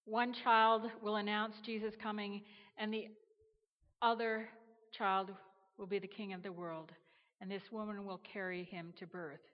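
A woman voicing God as a gentle, patient, loving female figure who speaks softly and calmly. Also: a little slow, close to an everyday voice. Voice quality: soft and low-toned, quietly reassuring. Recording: dull reverberant sound.

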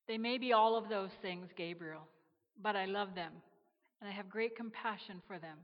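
A woman voicing God as a gentle, patient, loving female figure who speaks softly and calmly. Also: moderate pace, close to an everyday voice. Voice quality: soft and low-toned, quietly reassuring. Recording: dull reverberant sound.

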